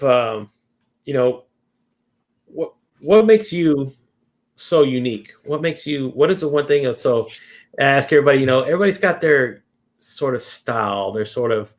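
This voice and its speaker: A man hosting a casual interview, talking in long rambling turns full of fillers and restarts. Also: medium pitch. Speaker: host.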